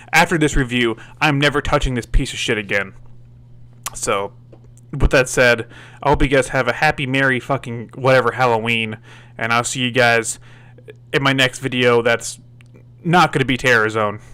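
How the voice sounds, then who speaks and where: A man's voice: mid-range voice, sharp tone. Cursing, stammering man reviewing games. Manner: profane and exasperated, stammers and restarts. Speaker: game reviewer. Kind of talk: ranting game review voice-over.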